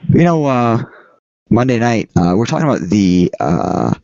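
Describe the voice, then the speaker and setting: A man with a low, mellow voice hosts a casual podcast chat. His pitch swings widely, and he keeps stopping and restarting his sentences. The audio is dry and dull, as if from a lo-fi setup. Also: big pitch swings, creaky, no echo. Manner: halting, rambling, frequent restarts. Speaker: podcast host.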